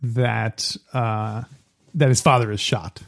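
A man's voice: medium pitch, steady tone, slow pace, gravelly. A man co-hosting a podcast in casual chat, joking and slipping into impressions. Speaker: podcast co-host.

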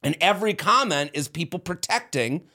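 A man from outside Boston talks on a podcast, his voice sitting a little high. He is animated and laughs often, breaking into quick asides and restarts. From outside of Boston, Massachusetts. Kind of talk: casual podcast chat.

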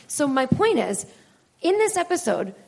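High, gravelly-voiced woman comedian. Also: sing-song, unhurried, a little mellow. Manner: rambling, candid, swears freely; self-deprecating. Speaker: comedian podcast host. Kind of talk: live stand-up style chat with audience. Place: stage in a comedy club.

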